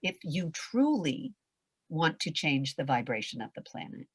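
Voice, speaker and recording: An older woman coaching performers in an animated chat, theatrical and shifting between soft whispers and loud outbursts. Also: low-pitched, unhurried, breathy edge, no room sound. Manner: theatrical, swings from whispers to shouts.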